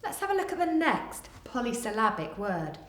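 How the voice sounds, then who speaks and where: A woman's voice: a little high, moderate pace, slight background noise. A woman, a primary teacher who reads a picture book aloud in a sing-song way and then gives a coaxing phonics lesson to young children. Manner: animated, sing-song storytelling, coaxing and encouraging. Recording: echoey room.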